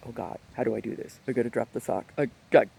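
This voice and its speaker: A man voicing an excitable young male puppy that is torn between a toy and a treat, in sing-song taunts and fretful dithering. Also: mid-range voice, fast, gravelly, slightly rough, voice pushed down, full character voice.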